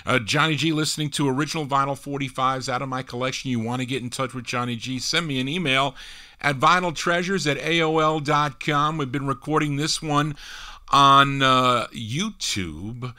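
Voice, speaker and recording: A man's voice: medium pitch, fairly even intonation, moderate pace, bright, forceful tone. A man hosting a live oldies record show as DJ, chatting casually between songs with rambling asides. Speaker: radio DJ host.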